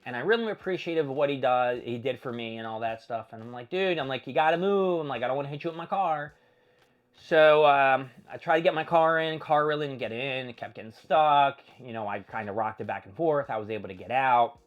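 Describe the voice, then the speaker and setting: Animated storytelling man, podcast host. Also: mid-range voice, a little fast, dull audio. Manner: animated, swearing, acting out his own panicked shouts. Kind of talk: casual storytelling monologue.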